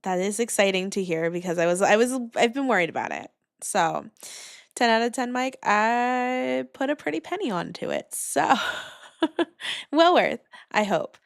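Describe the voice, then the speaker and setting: A woman's voice: fairly high pitch, lively intonation, normal speed, gravelly, no room sound, clean studio sound. Woman, VTuber streamer, casual chatter, greets chat by name, fillers, attic, new mic. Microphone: new studio microphone.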